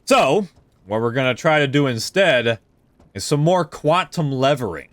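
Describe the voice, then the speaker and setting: Animated, swearing male gaming streamer. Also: mid-range voice, a little slow, no echo. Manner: animated, swears freely, talks to chat. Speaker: streamer and speedrunner. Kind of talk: live gameplay commentary.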